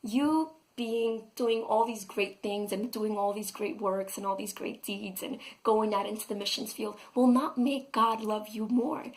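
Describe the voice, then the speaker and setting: A woman's voice: mid-range voice, unhurried, few pauses, poor audio. A woman talking casually and earnestly to her viewers about a lesson of faith, acting out quotes now and then. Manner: earnest, enthusiastic, acts out quotes. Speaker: vlogger and teacher. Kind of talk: casual devotional vlog talk.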